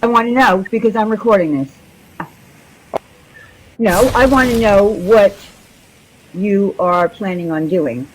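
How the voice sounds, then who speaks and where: A woman's voice: medium pitch, a little slow, long pauses, slight background noise, rough recording. A woman joining a livestream chat, confrontational and demanding, stammering through restarts.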